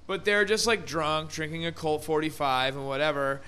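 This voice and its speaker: A man's voice: a little high, moderate pace, bright, forceful tone, a little hiss or hum. An American man in casual podcast chat, rambling with lots of "like" and swearing. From United States. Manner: rambling, heavy use of "like" and swearing.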